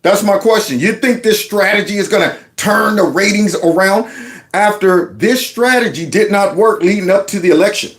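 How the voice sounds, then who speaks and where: A man's voice: high voice, normal speed, a bit bright. A man giving sarcastic reaction commentary on news clips, mocking them with one rhetorical question after another. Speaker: commentary vlogger.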